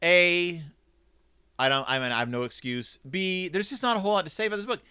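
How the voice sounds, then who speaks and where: A man's voice: high voice, fairly quick, sharp tone, clear, resonant tone. A man hosting a comedic review of a children's book, talking in a snarky, rambling way.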